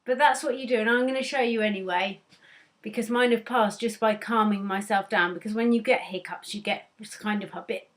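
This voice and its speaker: Woman vlogger, casual how-to chat, hiccuping, mid pitch. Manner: chatty, laughing, a little hesitant. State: has hiccups.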